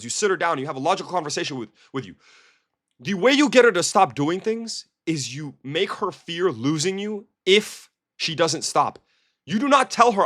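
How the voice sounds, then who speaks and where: High-voiced blunt man giving advice. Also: big pitch swings, a little fast, a bit bright. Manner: blunt, emphatic, keeps asking rhetorical questions. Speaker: dating coach. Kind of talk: direct-to-camera advice monologue.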